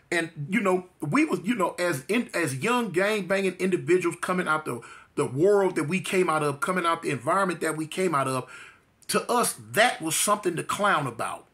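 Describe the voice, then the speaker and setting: A man's voice: sits high, animated, fairly quick, pushed and bright. A middle-aged man from telling his life story in slangy street talk, full of fillers. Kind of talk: casual storytelling.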